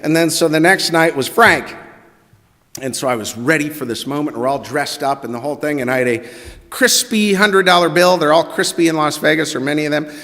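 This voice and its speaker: Man, middle-aged, high voice, personal story, animated, acts out quotes, long church reverb. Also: fairly quick. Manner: animated, quotes people in their own voices. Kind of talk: personal story told to a congregation. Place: church sanctuary.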